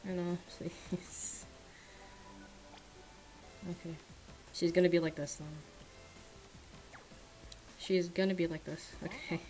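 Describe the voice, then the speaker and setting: A young woman giving casual commentary while pulling in a gacha game, drifting between quiet, mumbled disappointment and sudden shrieks of excitement. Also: slow pace, long pauses, faint music behind, poor audio. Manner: swings from mumbled low sighs to shrieking excitement. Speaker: gacha gaming streamer.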